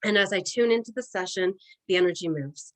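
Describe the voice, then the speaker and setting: A woman speaking from home, leading a live energy healing session in an informal, hesitant way with frequent fillers and pauses. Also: mid-range voice. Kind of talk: guided healing session talk.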